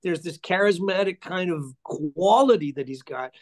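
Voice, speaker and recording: An older man, a musician guest in a casual interview, telling animated anecdotes and slipping into voices for the people he quotes. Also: sits high, moderate pace. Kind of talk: casual conversation, storytelling.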